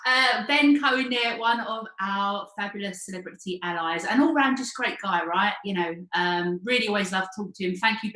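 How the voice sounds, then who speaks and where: A woman's voice: mid-range voice, a bit bright, echoey room, low-quality recording. A woman hosting a virtual event, introducing acts in a chatty, upbeat way with frequent ums. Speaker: event host.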